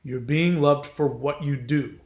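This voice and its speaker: Male host, advice monologue, slightly high voice, echoey room. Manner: conversational, slows down on key words.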